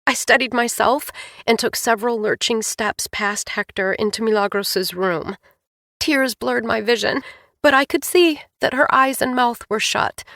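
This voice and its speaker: A woman's voice: fairly high pitch, measured pace, fairly bright tone, no room sound, studio quality. A woman narrating a first-person novel as an audiobook, reading expressively.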